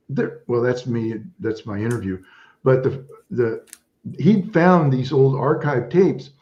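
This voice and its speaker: A man's voice: mid-range voice, highs cut off. A man in his seventies, a veteran guest, telling stories in a rambling casual chat. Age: 70s. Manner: rambling storyteller, restarts often. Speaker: guest, Vietnam veteran and author.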